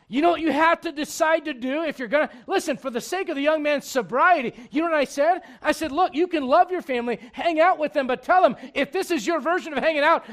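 A man in his thirties delivers a sermon in a strikingly high voice. He talks to the congregation like a friend, punching certain lines loudly before falling back to quiet, almost private remarks. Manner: conversational preaching, swinging between loud emphasis and hushed asides. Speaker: pastor.

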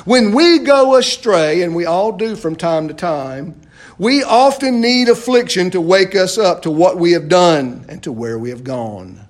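A man with a high voice preaches a sermon to his congregation. He asks rhetorical questions and often drops suddenly into a quiet voice. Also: animated, a little slow. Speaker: pastor.

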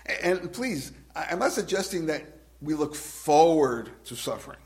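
A man preaching a sermon as a pastor, swinging from loud emphasis to hushed, drawn-out words and asking his listeners direct questions. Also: a little high, very animated. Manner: asks the congregation direct questions.

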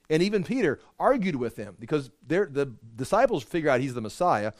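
Conversational pastor teaching a Bible passage. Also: male voice, a little high, a little fast, few pauses, no echo, clean studio sound. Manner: conversational, animated with restarts. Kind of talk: Bible study sermon.

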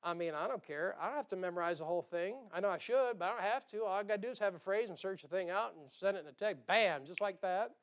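Preacher guy with a high smooth voice, folksy and jokey, keeps asking the crowd amen. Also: fast talker, few pauses. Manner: folksy, joking, with rhetorical questions to the congregation; chuckles between points. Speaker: pastor. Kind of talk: sermon.

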